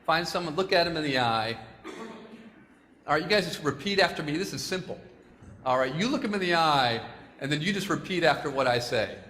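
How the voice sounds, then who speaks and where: A man's voice: fairly high pitch, lively intonation, fairly quick, fairly bright tone. A man giving a casual, joking motivational talk to a school assembly, chatty and self-deprecating, at times choked up. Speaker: speaker addressing a school assembly. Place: large hall with an audience. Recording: long hall reverb, faint room noise.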